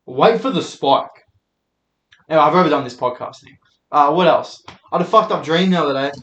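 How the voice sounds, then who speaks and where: A man in his twenties talks loosely on his own podcast, drifting from one thought to the next and swearing often as he makes fun of his own slip-ups. His voice sits a bit high for a man. He holds the microphone in his hand, and the sound bounces around a roomy space. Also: fast, a bit bright, muffled recording. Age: 20s. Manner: rambling, sweary, self-deprecating. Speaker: podcast host. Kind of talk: casual solo podcast rant. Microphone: handheld microphone.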